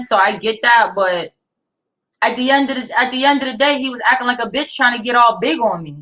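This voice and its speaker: A woman's voice: fairly high pitch, fairly bright tone, low-quality recording. A young woman, talking bluntly and defiantly with heavy profanity in a casual livestream discussion. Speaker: livestream co-host.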